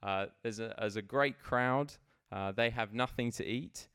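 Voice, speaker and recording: A man's voice: medium pitch, measured pace, a bit bright, clean tone. A man preaching a sermon, earnest and reflective, often restarting his phrases.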